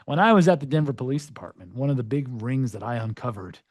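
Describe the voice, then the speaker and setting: A man hosting a podcast and presenting with an energetic, joking delivery, full of playful, self-mocking asides. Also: mid-range voice, quick pace, dry recording, studio quality. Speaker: podcast host.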